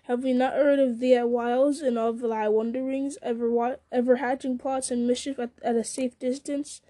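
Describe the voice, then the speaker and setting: A woman reading aloud, voicing a scornful, mocking male herald who serves a dark lord. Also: a little high, flat delivery, normal speed, natural voice. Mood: taunting. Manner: taunting, sneering, laughing at others.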